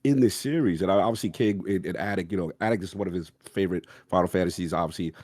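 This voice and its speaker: Eager low-voiced male podcast host. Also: quick pace, no echo, studio quality. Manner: excited fan, eager questions. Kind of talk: casual interview chat.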